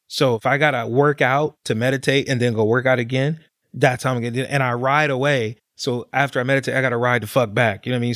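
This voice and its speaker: A man's voice: medium pitch, dry recording, studio quality. A man talking on a podcast, swearing freely and getting fired up as he preaches about facing who you are. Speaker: podcast guest. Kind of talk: casual podcast chat.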